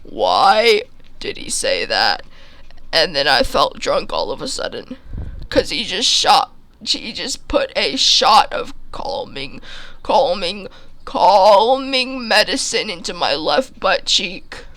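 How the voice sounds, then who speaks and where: A man's voice: high voice, very animated, slow pace, pushed and bright, no echo. A man telling an absurd comic story in a rambling way, with many restarts. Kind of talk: comedic storytelling.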